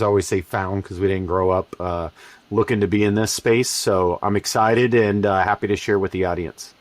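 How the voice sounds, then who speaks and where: A man in his forties, relaxed and conversational, telling his career story as a podcast guest and acting out quoted lines. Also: on the low side, no room sound. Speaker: podcast guest, call center executive. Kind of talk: casual storytelling interview.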